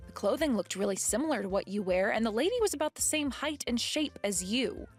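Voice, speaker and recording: A woman's voice: fairly high pitch, expressive, fairly quick, breathy edge, faint music behind. A woman voicing a pregnant young wife who questions her mother-in-law in a firm, accusing way.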